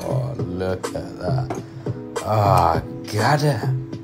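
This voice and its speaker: A man's voice: low-pitched, steady tone, moderate pace. A young man narrating a home cooking video in a casual, joking way, with sardonic asides and easy laughs. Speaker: cooking vlogger. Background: background music.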